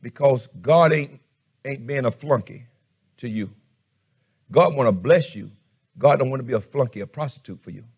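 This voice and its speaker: Husky-voiced preaching pastor, fervent. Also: male voice, normal speed, long pauses. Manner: fervent preaching, swings from shouting to low murmurs. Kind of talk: sermon.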